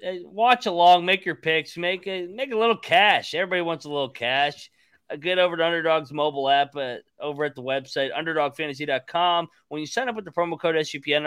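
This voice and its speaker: A man's voice: a little high, sharp tone, smooth, no room sound. A man hosting a casual sports talk podcast, swearing and laughing a lot. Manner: profane, laughing, rambling. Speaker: podcast host.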